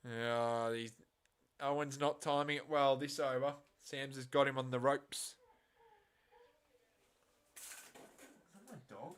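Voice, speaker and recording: A man hosting a casual live reaction stream of a match, swinging from quiet muttering to loud, exasperated outbursts and swearing bluntly. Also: medium pitch, little pitch movement, slow pace, pauses often, clean tone.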